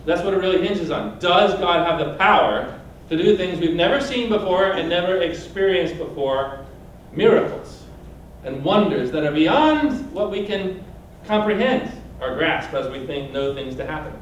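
A man's voice: high voice, lively intonation, normal speed, muffled recording, slight background noise. A man preaching a sermon, reading scripture aloud and asking his listeners questions directly. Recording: very echoey room from a distance.

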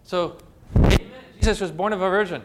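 A man's voice: high voice, fairly even intonation, a little fast, heavy background noise. A man preaching a sermon as pastor, emphatic and full of rhetorical questions. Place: church. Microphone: phone.

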